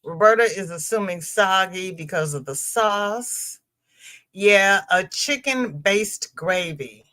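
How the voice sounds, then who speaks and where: A woman's voice: mid-range voice, lively intonation, slow, sharp tone. A middle-aged woman hosting a live stream, chatting casually and rambling between greetings to viewers by name. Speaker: livestream host.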